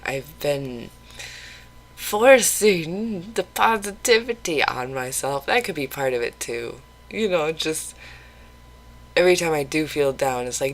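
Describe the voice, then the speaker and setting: Vlogger rambling candidly about their week, mid pitched voice, lots of restarts and swearing. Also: expressive, unhurried, fairly bright tone, poor audio. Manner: swears casually. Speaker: mental health vlogger. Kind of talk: casual confessional vlog.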